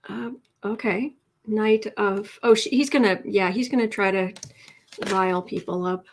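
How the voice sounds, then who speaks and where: A woman's voice: medium pitch, steady tone, measured pace. A woman hosting a live tarot stream, chatty and emotional, teary at times, reading out viewer comments. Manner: emotional and chatty, many restarts.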